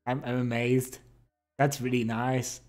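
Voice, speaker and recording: Slow-talking playful young streamer guy. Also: mid-range voice, little pitch movement, a little mellow, faint music behind. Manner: playful, teasing, reads chat aloud. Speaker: livestreamer. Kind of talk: casual chat with viewers.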